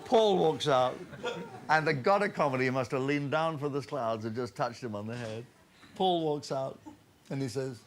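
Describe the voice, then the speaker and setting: A man, a comedian telling anecdotes on stage in lively storytelling punctuated by laughter. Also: medium pitch, moderate pace, slight background noise.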